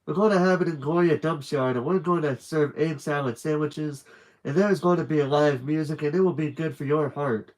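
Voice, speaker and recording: A man's voice: a little high, normal speed, voice pushed up, lightly acted, low-quality recording. A man voicing an eager, earnest ten-year-old girl in a storybook read-aloud.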